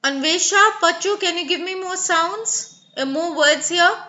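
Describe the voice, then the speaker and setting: A woman's voice: very high-pitched, measured pace, sharp tone, dull audio. A woman teaching English pronunciation in a live online class, carefully enunciating sample words and coaxing students by name. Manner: clearly enunciating model words.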